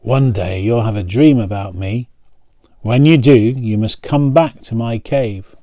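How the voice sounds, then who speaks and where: A man voicing a gentle troll mother. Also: mid-range voice, a little slow, no room sound, lightly acted. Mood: kindly.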